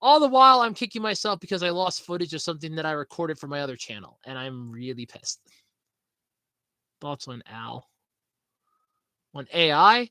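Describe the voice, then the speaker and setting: A man's voice: on the high side, moderate pace, pauses often, sharp tone, smooth, no room sound. A man hosting a podcast in casual, rambling chat, swearing freely and laughing at his own jokes. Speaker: podcast host.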